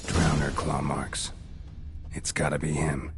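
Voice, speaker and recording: A gruff middle-aged monster hunter in a video game. His voice sits extremely low, and he speaks in dry, clipped lines without hurry. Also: monotone, slow, loud music behind the voice.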